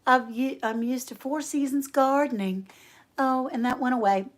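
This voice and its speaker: A woman hosting a casual livestream, chatting warmly with viewers, laughing often and reading out their names. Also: sits high, normal speed. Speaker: homestead channel host.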